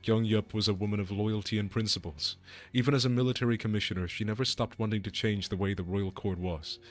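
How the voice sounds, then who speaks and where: A man voicing a composed, formal game character in a measured, solemn way. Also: lowish voice, steady tone, lightly acted.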